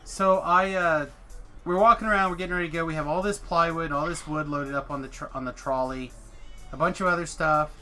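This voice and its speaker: A man's voice: fairly high pitch, fairly even intonation, a little fast, pushed and bright, soft background music. A man streaming a game, telling a story in casual chat, swearing freely and acting out the people he quotes. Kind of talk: casual storytelling while gaming.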